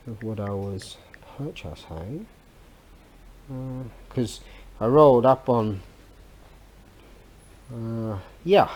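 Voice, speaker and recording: A man's voice: mid-range voice, darkish tone. A middle-aged man, chatting casually and rambling in a vlog, often losing his thread and laughing. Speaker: vlogger and antiques seller.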